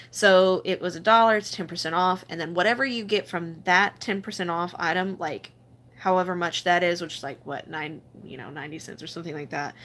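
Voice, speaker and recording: A woman's voice: fairly low pitch, fairly bright tone. A woman hosting a casual live stream, chatting and laughing as she reads out viewer comments and explains things step by step. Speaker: couponing channel host.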